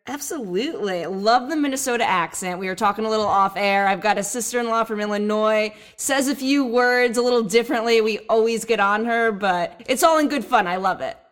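A woman's voice: fairly high pitch, a little fast, few pauses. A woman hosting a podcast interview, upbeat, moving from a scripted intro into easy chat. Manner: upbeat, reads scripted intros then chats. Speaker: podcast host.

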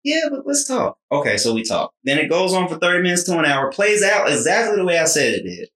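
A man chatting casually in a measured, explanatory way. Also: high voice, big pitch swings, fairly bright tone, echoey room, poor audio. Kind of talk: casual chat.

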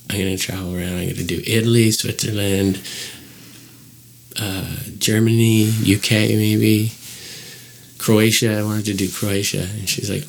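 A man's voice: lowish voice, normal speed, gravelly. A man casually telling a personal story as a guest, rambling with many fillers and acting out quoted dialogue.

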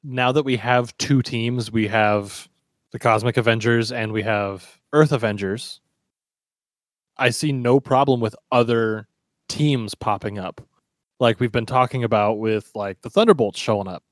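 Male co-host, animated and expressive, mid-pitch, dry close sound. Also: measured pace, no room sound. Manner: animated, acts out quotes. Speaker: podcast co-host. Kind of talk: casual chat.

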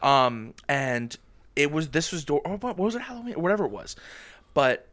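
Rambling young podcast storyteller. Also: male voice, fairly high pitch, sing-song, normal speed, fairly bright tone. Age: 20s. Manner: rambling, self-correcting storyteller. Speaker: podcast co-host. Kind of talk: casual storytelling chat.

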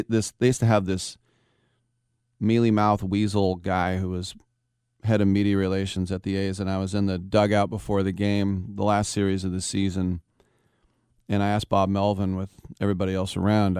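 A man hosting a live sports talk radio show, telling baseball stories in a casual, animated way. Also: sits low, smooth, no echo, studio quality. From San Francisco Bay Area. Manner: storytelling, animated, acts out quotes.

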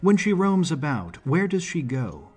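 A man voicing a coarse, blunt older woman who runs a boarding house, with a husky voice. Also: fairly high pitch, sing-song, a little slow, soft background music, pitched above the performer's own voice, full character voice. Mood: gruff, amused. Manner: coarse, blunt, laughing off questions.

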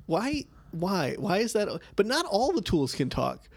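A man's voice: sits high, sing-song, a little slow, creaky, husky, no echo. A man co-hosting a casual comedic chat, riffing animatedly with laughs.

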